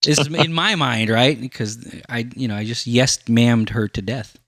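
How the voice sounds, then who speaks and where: Chatting casually on his podcast, a male host spins a long, animated story and voices the people he quotes. His mid-range voice moves at a moderate pace, and the studio-quality audio has no echo.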